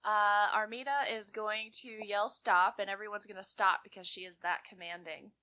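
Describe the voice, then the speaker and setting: Bright-voiced woman playing a tabletop game. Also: medium pitch, fairly even intonation, moderate pace. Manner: describes her character's actions plainly. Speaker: player. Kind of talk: casual tabletop game play.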